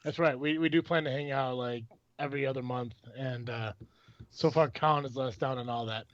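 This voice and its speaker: A man's voice: medium pitch, fairly even intonation, brisk, dry recording. A man from Illinois hosting a casual podcast, rambling and joking with lots of swearing. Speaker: podcast host. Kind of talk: casual chat. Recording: dull, dry, lo-fi sound.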